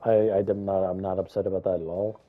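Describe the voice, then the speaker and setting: A young man giving casual, rambling commentary on a video game, chatty and excitable, with lots of fillers and some stuttering. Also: deep voice, fast talker, phone-quality sound, soft background music. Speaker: gaming YouTuber.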